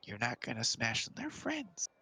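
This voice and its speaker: A man's voice: mid-range voice, wildly swooping pitch, moderate pace, vocal fry, pushed and bright, husky, full character voice. A man voicing a scrappy young street kid who pleads and whines. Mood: pleading.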